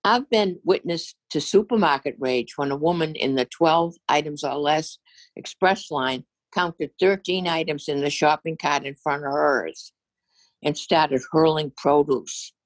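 An older woman from Massachusetts reads her own humorous essay aloud in a wry, dry storytelling manner. Her voice is low, and the recording is dry and rough.

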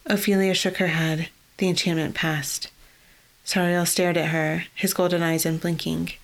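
A woman reading fantasy fiction aloud in an even, measured storytelling voice. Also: on the low side. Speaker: audiobook narrator. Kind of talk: scripted fantasy narration.

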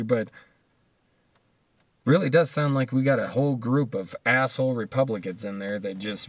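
A man's voice: mid-range voice, no room sound. A man, ranting casually and profanely in a monologue, laughing often between points.

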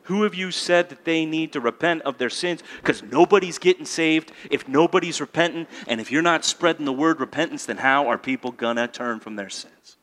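A man preaching a sermon as pastor, rising to loud emphatic peaks, then dropping to quiet intensity, and calling on the congregation to answer back. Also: a little high, animated, moderate pace. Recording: long hall reverb.

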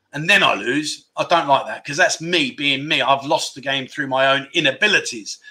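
A middle-aged man hosting a relaxed livestream chat, rambling and self-deprecating as he answers viewers. His voice is very bright and sharp and sits a little high for a man. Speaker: livestream chat show host. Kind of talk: casual livestream chat reading viewer comments.

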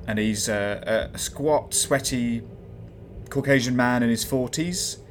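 A man's voice: medium pitch, noisy background. A man narrating a tabletop game as game master, describing scenes with many small hesitations.

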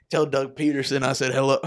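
A young man co-hosting a sports podcast, swearing a lot, laughing and mimicking fans in sudden loud bursts. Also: mid-range voice. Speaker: podcast co-host. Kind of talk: casual sports chat.

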